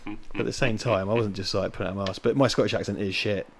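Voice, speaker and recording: Guy rambling on a watch party stream, kinda low voice, swears a lot. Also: steady tone, quick pace. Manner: rambling, sweary, laughs often. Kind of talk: casual chat.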